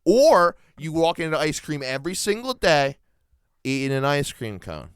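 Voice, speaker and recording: Jokey young man, smooth voice. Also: a little high, big pitch swings, normal speed, no echo, studio quality. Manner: jokey, riffs in put-on character voices, swears freely. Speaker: podcast co-host. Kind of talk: casual comedic chat.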